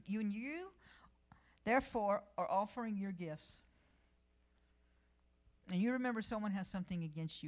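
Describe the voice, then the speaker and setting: A woman giving a midweek church devotional, earnest and conversational, telling personal stories and reading scripture aloud. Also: mid-range voice. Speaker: church speaker.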